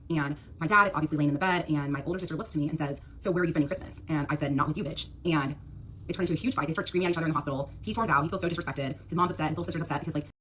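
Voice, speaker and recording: In a low, fairly bright voice over a little hiss or hum, a young TikTok storyteller recounts a personal dating story. The monologue rambles, is full of fillers, and includes quoted dialogue from the other person.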